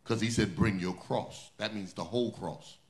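A man's voice: lowish voice, moderate pace, darkish tone. A male pastor preaching a sermon, building intensity through repeated refrains.

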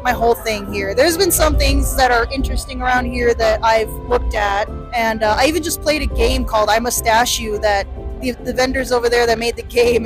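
A young woman chatting in a rambling way to her phone camera in a convention hall, with restarts and small laughs. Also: a little high. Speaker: vlogger. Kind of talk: casual convention vlog. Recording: music playing behind the voice.

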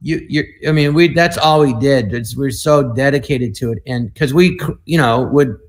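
A man in his sixties, a comedian and guest, telling stories in an animated way and acting out quoted voices over a video call. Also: mid-range voice, moderate pace. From United States. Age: 60s. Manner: acts out quoted voices, with repeated "I go" and "he goes". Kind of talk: animated anecdotal storytelling.

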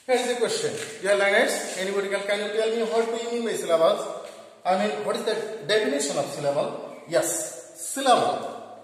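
A man with a Bangladeshi English accent teaching an online English lesson, repeating terms slowly with many fillers in a classroom with a board. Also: high-pitched. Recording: very echoey classroom, long reverb.

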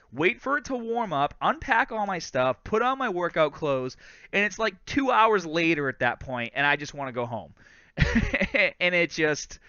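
A man's voice: a little high, pushed and bright, clean tone, no room sound, muffled recording. A man in his thirties from Massachusetts with a light Boston accent, hosting a casual live fitness Q&A, chatty and laughing often. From Lawrence, Massachusetts. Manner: chatty, laughs often, says "bro" and "guys". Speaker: fitness host. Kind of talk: live stream Q&A, casual chat.

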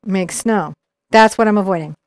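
A woman's voice: mid-range voice, moderate pace, a little mellow, clean tone, dry recording. A middle-aged woman teaching acrylic painting live, chatting and explaining each brush move as she paints. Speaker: painting instructor.

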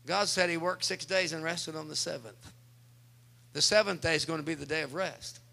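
Gravelly, bright-voiced male preacher. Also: on the high side, moderate pace. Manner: emphatic, addresses the congregation directly. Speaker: pastor. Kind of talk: preaching a sermon.

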